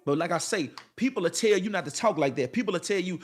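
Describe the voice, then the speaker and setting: A man with a fairly high voice delivers a motivational monologue straight to his viewers. He talks in a casual, colloquial way and hammers his points home through repetition. His delivery has the rising cadence of a preacher. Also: expressive, fast talker. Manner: colloquial, addresses viewers directly. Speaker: motivational speaker.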